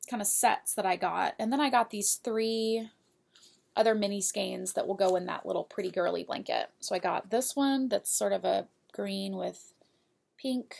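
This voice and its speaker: A woman's voice: medium pitch, vocal fry, a little mellow. A woman hosting a knitting podcast, chatting casually and giggling as she talks straight to her viewers. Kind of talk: casual show-and-tell of yarn purchases.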